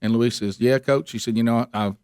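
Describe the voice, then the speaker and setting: A man's voice: medium pitch, fairly even intonation, a little fast, darkish tone, smooth, no echo, clean studio sound. A man, hosting a radio show and telling rambling, chuckling anecdotes in casual chat.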